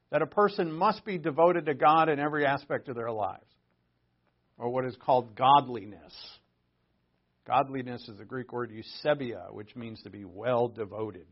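A man teaching a Bible study in a conversational way, with offhand asides, swinging between loud emphasis and quiet remarks. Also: mid-range voice. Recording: dull lo-fi recording.

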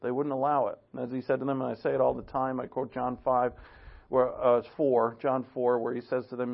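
A male pastor preaching a sermon in an earnest, conversational way, often clearing his throat. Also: mid-range voice, flat delivery, brisk. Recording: dull lo-fi recording.

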